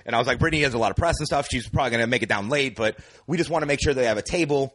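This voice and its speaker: Fast-talking man telling a rambling story. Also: medium pitch, a bit bright. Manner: rambling storyteller, many fillers. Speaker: podcast guest. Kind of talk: casual chat.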